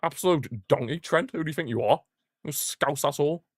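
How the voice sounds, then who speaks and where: A man's voice: on the high side, fairly quick, husky, dry recording, clean studio sound. A man streaming a football watchalong, giving blunt, partisan live fan commentary and mocking the rival side.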